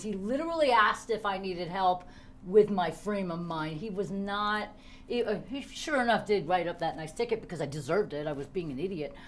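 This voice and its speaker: Chatty, lively woman podcast host. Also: mid-range voice. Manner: lively, emphatic storyteller who laughs often. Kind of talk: casual chat.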